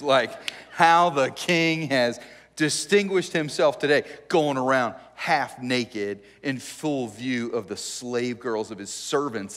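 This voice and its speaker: A man preaching as a pastor, telling the story in a joking, animated, conversational way. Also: medium pitch, long reverb tail. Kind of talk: conversational sermon. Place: church sanctuary.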